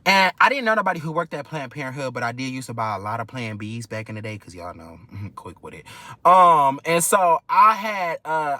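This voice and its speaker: A man telling a storytime vlog in an animated, gossipy way and swearing freely. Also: medium pitch, no room sound. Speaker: vlog host.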